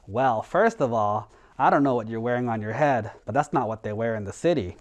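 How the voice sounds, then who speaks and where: A man's voice: mid-range voice, animated, brisk, voice pushed down, natural voice. A man doing a sly, smug crow. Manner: smug, matter-of-fact. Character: sly prankster female crow.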